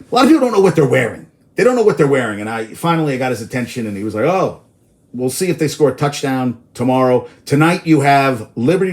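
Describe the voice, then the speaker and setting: A man hosting a casual sports talk show, rambling through stats and personal tangents, cursing freely, apparently outdoors in New York. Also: medium pitch.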